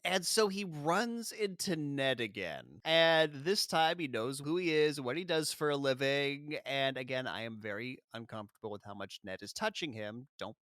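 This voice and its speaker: A man's voice: on the high side, normal speed, few pauses, fairly bright tone, clear, resonant tone, dry recording, studio quality. Wry, profane man recapping a movie. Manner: profane, wry storytelling with quoted lines. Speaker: podcast co-host. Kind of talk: casual movie recap chat.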